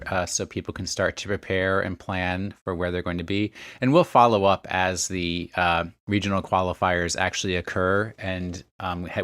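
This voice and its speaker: A man with a low voice hosts a casual podcast, running through a list of places and dates and adding small asides as he goes. The sound is dry and close, with no room around it. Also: fairly bright tone, no room sound. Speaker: podcast host.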